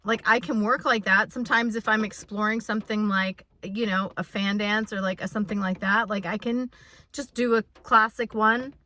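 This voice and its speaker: Woman, 50s, bright mid-pitched voice, rambling, emotional vlog confessional, close to tears, faint noise behind. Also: steady tone, moderate pace. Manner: rambling and heartfelt, many restarts. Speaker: vlogger. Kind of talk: unscripted personal vlog. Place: in her truck on a rainy day.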